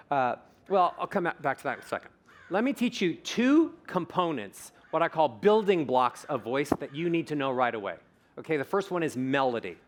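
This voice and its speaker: A man giving a conference talk as a voice coach, leading the audience through breathing exercises in a playful, demonstrative way. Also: a little high. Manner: animated, demonstrates vocal examples, playful. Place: conference stage.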